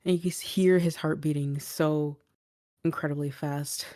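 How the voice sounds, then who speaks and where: A woman's voice: low-pitched, steady tone, normal speed, warm tone, dry recording, studio quality. A woman narrating a tabletop game as game master, describing scenes directly to the players.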